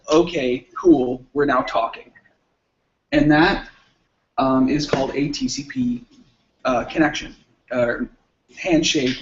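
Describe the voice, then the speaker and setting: A man giving a casual technical talk at a meetup, explaining things with everyday analogies and little acted-out dialogues. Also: mid-range voice. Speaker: meetup speaker. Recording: slightly muffled event recording.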